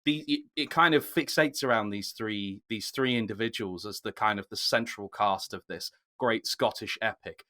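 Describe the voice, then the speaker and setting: A man hosting a casual film discussion, getting animated when he makes a point. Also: on the low side, normal speed, few pauses. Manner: animated, rising sharply when emphatic. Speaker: podcast host.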